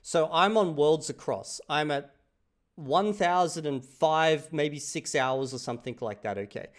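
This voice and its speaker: A man's voice: a little high, measured pace. A man with an Australian accent reacting casually to a video, rambling with frequent restarts and swearing freely.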